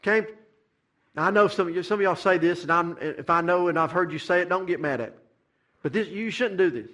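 Middle-aged male preacher, sermon cadence, high ringing voice. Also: fairly quick. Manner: rising to fervent shouted climaxes, repetitive preaching cadence. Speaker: pastor.

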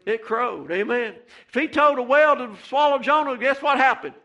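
High bright-voiced preacher. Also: male voice, normal speed, lo-fi sound. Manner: fervent, repetitive, calls out "Amen" and "Hey". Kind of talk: sermon. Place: church.

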